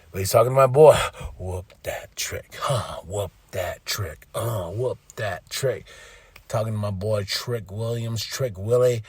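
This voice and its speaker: Excitable, low-voiced man podcasting solo. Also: husky, no room sound. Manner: excitable, animated, swears, laughs, mimics people. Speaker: podcast host. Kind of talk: casual solo recap.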